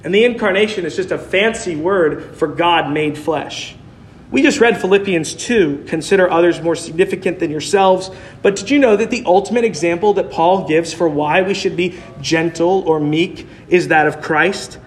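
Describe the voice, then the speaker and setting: A man preaching a sermon, earnest and measured, reading scripture aloud. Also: high-pitched, a little hiss or hum.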